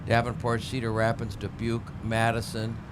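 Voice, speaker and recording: A man co-hosts a relaxed live stream, trading teasing remarks and frequent exclamations. His voice is of average pitch, with loud outdoor traffic noise around it. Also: moderate pace. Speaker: co-host. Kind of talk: casual live chat.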